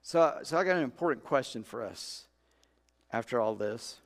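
Folksy preacher in a reverberant church. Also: male voice, mid-range voice, animated, moderate pace, creaky. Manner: folksy storytelling, acts out voices in quotes. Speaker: pastor. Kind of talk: sermon. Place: church sanctuary. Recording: long hall reverb.

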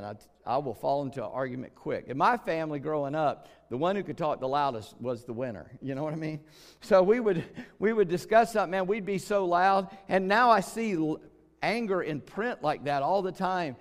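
A middle-aged man preaching a sermon as pastor, in a folksy, chatty way with jokes and quick asides. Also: fairly high pitch. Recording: long hall reverb.

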